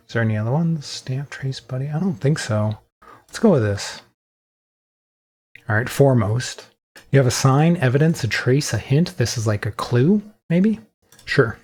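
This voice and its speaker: A young man talks through a word puzzle on his own, casual and unhurried. He muses out loud, asks himself questions and weighs each guess, in an even, mid-pitched voice. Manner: thinking aloud, musing, self-questioning. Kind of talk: casual solo gameplay commentary.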